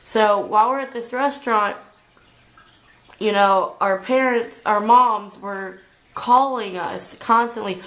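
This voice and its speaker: A young woman in a storytime vlog, drawling her way through a story at an unhurried pace. Her pitch sits in the middle of the range, and she rambles with plenty of filler "like"s. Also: a bit bright, rough recording. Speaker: vlogger.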